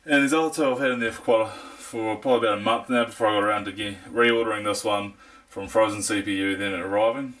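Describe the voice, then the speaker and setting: A man's voice: fairly low pitch, steady tone, fast, fairly bright tone. A young man with a New Zealand accent giving a casual, jokey hands-on review of computer parts, rambling with fillers. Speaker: tech reviewer.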